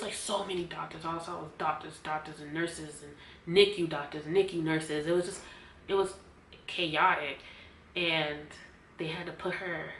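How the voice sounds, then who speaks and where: A woman vlogger tells her own story straight to camera, bringing each remembered voice to life as she goes. Her tone is emotional, at moments close to tears. The room is echoey, with a faint hiss of background noise. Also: low-pitched. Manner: animated storytelling, acting out quotes. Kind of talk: personal storytime vlog.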